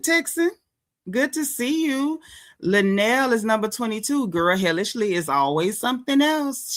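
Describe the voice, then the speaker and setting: A woman hosting a casual live stream, chatty and slangy, shouting out viewers by name. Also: mid-range voice. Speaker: host of a celebrity gossip live stream.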